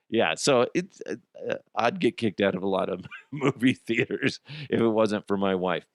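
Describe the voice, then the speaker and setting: Brief: middle-aged male podcast host, lively swinging pitch, dry close sound, rambling comic tales. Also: normal speed, gravelly, dry recording. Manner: animated storyteller, swears, acts out quotes in high voices. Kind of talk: casual comedic monologue.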